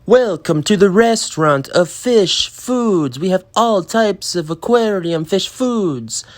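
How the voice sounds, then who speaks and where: A man's voice: high voice, animated, slow, pitched above the performer's own voice. A man putting on a hammy Italian restaurant host. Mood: showy.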